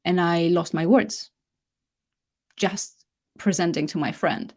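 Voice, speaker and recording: A middle-aged woman hosting a live online masterclass, talking casually and correcting herself as she goes, with lively emphasis. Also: on the low side, slow.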